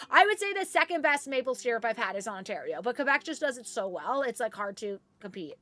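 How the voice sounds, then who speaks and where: A high-pitched, bright-voiced woman from Canada chats with her stream viewers while playing a game. She talks in an animated, loose way and swears freely. The sound is dry and close. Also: no echo. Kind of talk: casual gaming stream chat.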